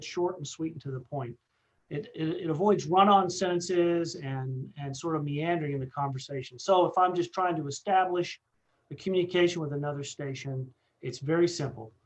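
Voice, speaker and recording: Earnest man teaching radio basics, muffled audio. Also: fairly high pitch. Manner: earnest, repeats key points, many fillers and restarts. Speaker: CERT radio trainer. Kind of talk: training presentation.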